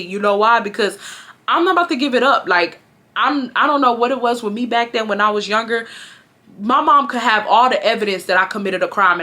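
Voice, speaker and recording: A young woman telling a storytime vlog in an animated, slangy way to her viewers. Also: mid-range voice. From Houston, Texas. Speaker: vlogger.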